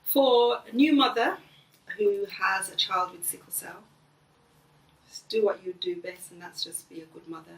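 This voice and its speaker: A middle-aged woman, the host's mother, talking gently and earnestly in a casual family conversation. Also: medium pitch, moderate pace, recorded from a distance. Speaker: mother of the host. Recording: echoey room, voice a bit off-mic.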